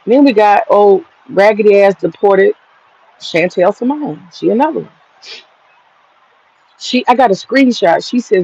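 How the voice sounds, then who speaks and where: A man's voice: high-pitched, a little slow, vocal fry, pauses often, a little mellow, slightly rough, dull audio. A man hosting an online commentary monologue, talking in a blunt, profane and mocking way.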